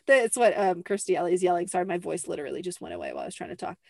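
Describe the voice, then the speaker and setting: A woman's voice: lowish voice, wildly swooping pitch, rapid-fire, creaky, a little mellow, dry recording. A young adult woman hosting a podcast, talking casually and acting out quotes with lots of fillers. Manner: chatty, fills with "like", acts out quotes. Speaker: podcast host. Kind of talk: casual chat.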